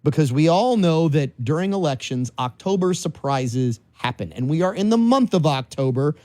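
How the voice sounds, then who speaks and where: A man's voice: fairly high pitch, darkish tone, no echo. A man in his forties from New Orleans, hosting a casual political talk radio show in a studio and musing aloud with rhetorical questions. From New Orleans, Louisiana. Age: 40s. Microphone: studio microphone.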